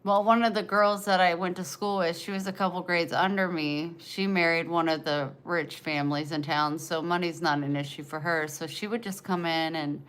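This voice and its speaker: A woman's voice: on the low side, steady tone, normal speed, few pauses, fairly bright tone, clean tone. A woman in her forties chatting casually on a livestream, greeting viewers and reading their comments aloud. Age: 40s. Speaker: livestream host.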